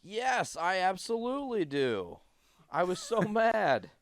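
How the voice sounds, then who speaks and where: Homem de voz limpa e seca, descontraído. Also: male voice, sits high, wildly swooping pitch, takes it slowly, no echo. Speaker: podcast co-host. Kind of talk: casual chat.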